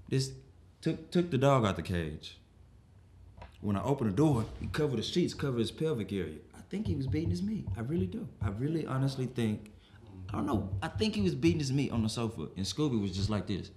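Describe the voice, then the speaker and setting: A man's voice: mid-range voice, fairly quick, slight background noise. A young man co-hosting a podcast, telling a story in a casual, profane way and acting out the people in it. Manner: animated, profane storyteller who acts out the people in his story. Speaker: podcast co-host.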